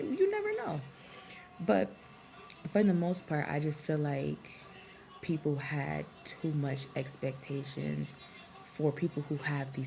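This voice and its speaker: A woman's voice: sits low, creaky, darkish tone. A woman talking through a wrestling event in a casual, frank review vlog, full of ums and likes and swearing freely.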